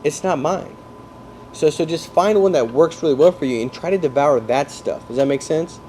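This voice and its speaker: Energetic male sales coach, mellow voice. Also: a little high, normal speed, a little hiss or hum. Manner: energetic, keeps checking in with listeners; explains through football comparisons. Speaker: sales trainer. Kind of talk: live sales coaching talk.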